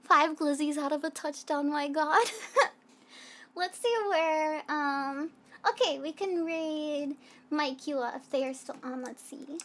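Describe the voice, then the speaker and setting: A woman's voice: high voice, steady tone, slow pace, a bit bright, a little hiss or hum. A young American woman with a Southern accent, rambling and giggling as she chats with viewers at the end of a stream. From United States. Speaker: VTuber streamer. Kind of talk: casual stream chat. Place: hot room at home. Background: faint background music.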